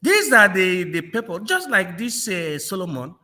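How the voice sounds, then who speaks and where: A man's voice: high-pitched, big pitch swings, moderate pace, sharp tone. A man from Nigeria in a political discussion, mocking and repeating phrases, laughing often. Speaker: panel guest.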